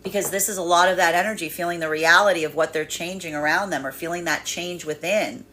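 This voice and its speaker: A woman with a slightly low voice gives a loose, unscripted tarot reading. She circles back on her words and restarts sentences. Now and then she breaks into lively voiced asides. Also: quick pace. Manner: rambling, self-correcting, animated when voicing others. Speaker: tarot reader. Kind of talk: daily tarot energy reading.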